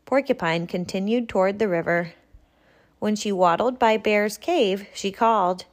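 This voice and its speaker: A woman reading a picture book aloud to a child, gentle and expressive. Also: medium pitch, measured pace.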